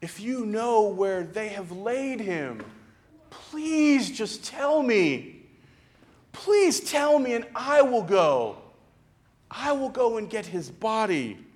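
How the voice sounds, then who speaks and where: A man voicing a grieving woman at an empty tomb, in a hushed, pleading tone while preaching. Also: high voice, big pitch swings, measured pace, full character voice.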